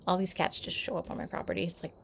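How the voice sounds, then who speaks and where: A woman's voice: very fast, fairly bright tone, slight background noise. A woman vlogging outdoors in casual chat, playful and meowing back at cats. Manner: playful, chats with cats and meows at them. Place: outdoors on her property.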